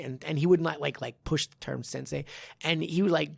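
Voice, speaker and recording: Male podcast host and martial arts instructor; gravelly, dry close sound, animated and blunt. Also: fairly high pitch, fairly quick, no room sound. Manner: animated storytelling, swears, acts out quotes. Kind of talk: casual chat.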